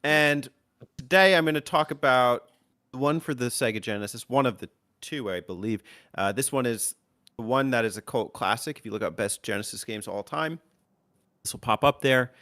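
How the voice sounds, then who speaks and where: A man's voice: mid-range voice, normal speed, sharp tone, no echo, studio quality. A man co-hosting a casual video game podcast, joking and enthusiastic. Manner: jokey, enthusiastic, plays with silly voices. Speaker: podcast co-host.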